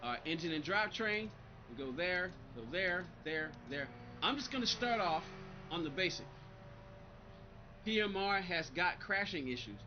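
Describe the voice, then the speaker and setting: Over muffled audio with music behind him, a man with a high, animated voice talks at a normal speed. He rambles irritably to his viewers while streaming a racing game, reading their comments casually and repeating himself a lot.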